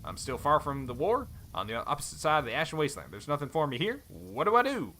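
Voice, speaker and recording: A man voicing a rough, friendly male mercenary from a fantasy game, with a put-on cowboy drawl and a folksy, sly way of talking. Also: a little high, big pitch swings, quick pace, sharp tone, a little hiss or hum.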